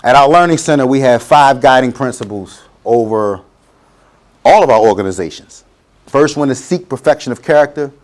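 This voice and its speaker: A man's voice: medium pitch, expressive, normal speed. A middle-aged man, giving a motivational talk to students and acting out quotes in changing voices. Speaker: guest speaker.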